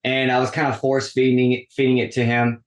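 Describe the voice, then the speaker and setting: A man in casual podcast chat, pitched in the middle for his sex, who tells a long story and acts out the lines of the people in it. He says "like" constantly. The room gives his voice a roomy echo. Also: a little fast. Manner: animated storytelling, acts out quoted dialogue, frequent "like". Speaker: podcast guest.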